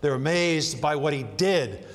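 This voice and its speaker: A man preaches a conversational, animated sermon, frequently posing questions to his listeners. His voice runs on the high side at a moderate pace, with long hall reverb in the recording.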